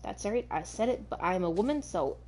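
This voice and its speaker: Excitable chatty woman streamer, lively pitch. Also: a little fast. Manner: excitable, chatty, talks to viewers. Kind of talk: casual gameplay chat.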